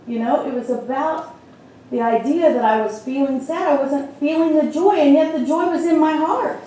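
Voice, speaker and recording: A woman's voice: sits high, moderate pace, dark tone, slight background noise. A middle-aged woman minister giving a conversational sermon, telling a personal story with lots of filler words. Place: church sanctuary. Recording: very echoey hall from far off.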